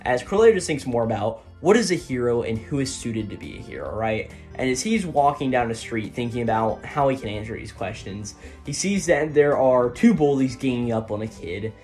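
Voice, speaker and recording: A man's voice: medium pitch, big pitch swings, moderate pace, few pauses, darkish tone, soft background music. A man giving a casual, rambling recap of a manga chapter, with many fillers, often tagging his sentences with "right?". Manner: rambling, filler-heavy, tags lines with "right?". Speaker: manga reviewer.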